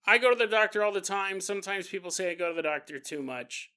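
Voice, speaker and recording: Podcast host, male, bright tone, crude jokey storyteller who laughs a lot. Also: high-pitched, expressive, fast, clean tone. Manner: crude humor. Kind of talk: comedic storytelling monologue.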